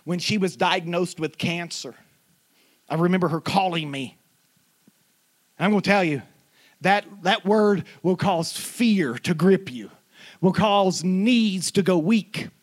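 A man preaching a sermon with passion, building into shouts. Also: high-pitched, measured pace, pauses often. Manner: impassioned preaching that swells into shouts.

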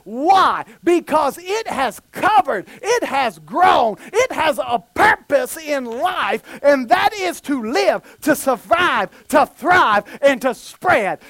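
A male pastor delivering a sermon, moving between loud, shouted preaching and quiet, fast, joking storytelling. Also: extremely high pitch, sing-song, no echo.

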